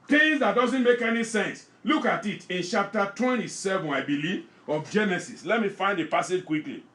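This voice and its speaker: Male pastor, fairly high voice, fervent repetitive sermon and prayer delivery. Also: roomy sound. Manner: fervent, repetitive preaching, rising to shouted prayer; reads scripture aloud with comments.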